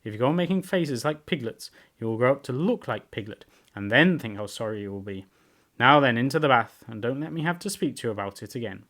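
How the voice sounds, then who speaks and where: A man's voice: mid-range voice, expressive, normal speed, close to an everyday voice. A man voicing a motherly female kangaroo in a storybook read-aloud, cheerful, soothing and firm. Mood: firmly motherly. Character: motherly kangaroo, brisk and firmly kind.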